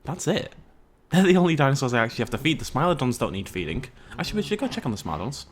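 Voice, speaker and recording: A man's voice: mid-range voice, big pitch swings, rapid-fire, a little hiss or hum. A man, hosting a let's play and giving casual, rambling gameplay commentary while chatting to his viewers. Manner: chatty, rambling, self-mocking, talks to viewers.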